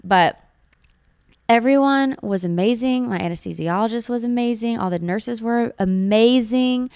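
A woman's voice: on the high side, normal speed, a little mellow, clear, resonant tone, no room sound, studio quality. A woman in her thirties, a new mother, telling her birth story in an earnest, emotional, gushing way. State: tearful at times. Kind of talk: personal storytelling.

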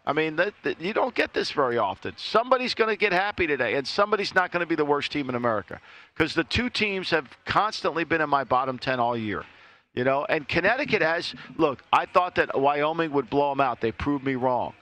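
A man's voice: a little high, lively intonation, fairly quick, sharp tone. Man hedging his football picks. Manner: hedging, repeats words when starting thoughts. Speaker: college football betting analyst. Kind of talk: sports betting talk show chat.

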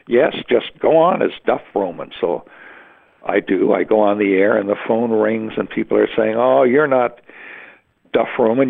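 Gravelly older man on a tinny line. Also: fairly low pitch. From Western Canada. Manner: rambling, halting storytelling with many restarts. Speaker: interviewee, veteran radio announcer. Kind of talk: oral history interview. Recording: phone-like narrow sound.

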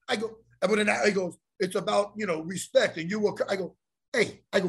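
Gravelly guy ranting a story, swearing a ton, voice swings all over. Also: high voice, moderate pace. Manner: animated, profane, acts out every exchange. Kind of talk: casual storytelling.

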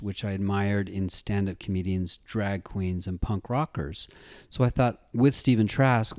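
A middle-aged man in a casual interview, telling stories in an animated way and acting out the people he quotes. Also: lowish voice, no echo, studio quality. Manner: animated storyteller, acts out quoted voices. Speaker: interview guest, actor-writer-director.

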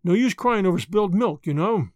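A man reading the part of a grave, kindly older lawyer who speaks in a measured way. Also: high voice, expressive, dry recording, clean studio sound. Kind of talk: audiobook character reading.

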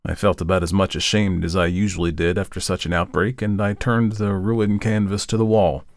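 A man narrating a horror story in a measured, deliberate way, slowing down for the grim parts. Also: low voice, level tone, no room sound. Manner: measured, deliberate, slows for dread. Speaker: podcast host and reader.

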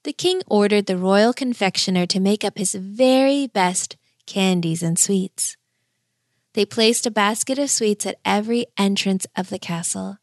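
A woman narrating a bedtime fairy tale in a gentle, measured way. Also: medium pitch, dry recording, clean studio sound. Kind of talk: storybook narration.

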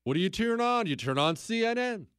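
A man's voice: high voice, animated, a little fast, fairly bright tone, clear, resonant tone, no echo, clean studio sound. A man hosting a talk radio show, delivering a sarcastic political commentary monologue with mocking repetition and incredulous outbursts.

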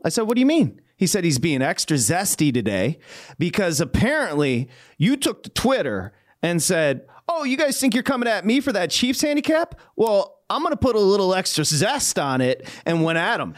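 Lively man hosting a betting show. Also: high-pitched, no room sound, clean studio sound. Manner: lively, teasing, emphatic. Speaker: sports betting show host. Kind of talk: casual sports betting talk.

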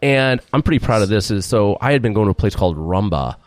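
A man's voice: fairly low pitch, animated, fast talker, no room sound. A middle-aged man telling a long story in a casual interview, rambling, acting out quotes and laughing often. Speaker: restaurant owner, guest.

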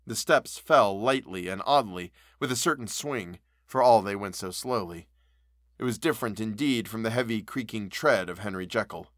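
A man narrating an audiobook of a classic novel, reading in a measured, solemn way. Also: fairly low pitch, a bit bright, no room sound, studio quality.

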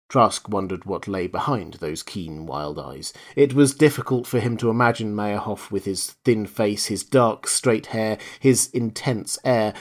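A man narrating a short story in a measured, expressive reading voice. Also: on the low side.

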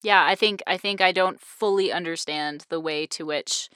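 A young woman hosts a relaxed podcast chat, her voice sitting a little low for a woman. She talks in a lively way, with frequent laughs and quick asides. The sound is close and dry. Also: smooth, no echo. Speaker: podcast host. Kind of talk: casual group chat.

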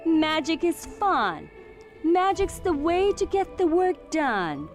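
Woman doing a high, eager cartoon mouse lad for a storybook; bossy commands, soft music behind. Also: sing-song, slow, full character voice. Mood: cheerful. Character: eager young male cartoon mouse apprentice.

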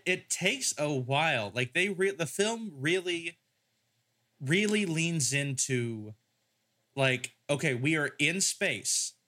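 A man's voice: on the high side, sharp tone. A man hosting a casual film-review podcast, rambling with many fillers and restarts. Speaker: podcast host.

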